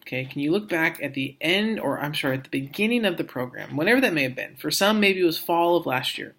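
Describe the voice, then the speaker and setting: A man's voice: fairly high pitch, animated, fairly bright tone. A man giving a recorded course lecture as an instructor. He speaks reflectively, restarts often and repeats words as he works out his thoughts. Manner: reflective, halting, frequent restarts and repetitions.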